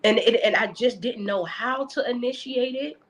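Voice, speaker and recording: A podcast guest with a fairly high voice talks earnestly and openly about faith and caring for her mother, in a casual conversation at normal speed. She often repeats words while searching for them, and the audio quality is poor.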